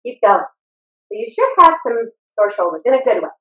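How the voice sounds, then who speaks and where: A woman fitness instructor leading a live online workout class over a video call. She exercises along as she coaches and sounds out of breath, giving steady, encouraging cues. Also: a little high, normal speed, muffled recording. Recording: roomy sound from away from the mic.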